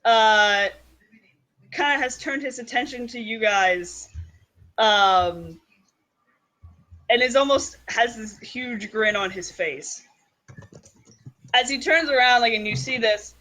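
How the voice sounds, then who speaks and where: A man narrating a tabletop game as game master, unhurried with many fillers. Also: sits high, sharp tone, low-quality recording.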